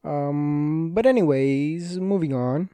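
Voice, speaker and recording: On a dry recording, a young podcast host speaks slowly in a somewhat high voice that is warm, clear, and resonant. His solo monologue is casual and rambling, laced with swearing and self-interruptions, and he's restless with a hurt hand.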